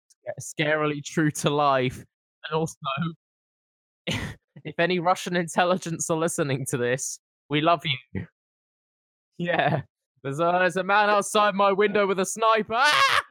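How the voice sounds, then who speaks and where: A man hosting a podcast in casual comedic chat, joking around in quick banter with frequent laughs. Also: a little high, fairly bright tone, no echo. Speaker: podcast host.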